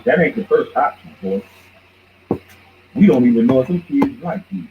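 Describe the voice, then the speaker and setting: Animated ranting man on a lo-fi mic. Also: mid-range voice, moderate pace, noisy background. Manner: heated, mocking, swings between shouts and mutters. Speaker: podcast host. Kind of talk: profane ranting commentary. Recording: dull lo-fi recording.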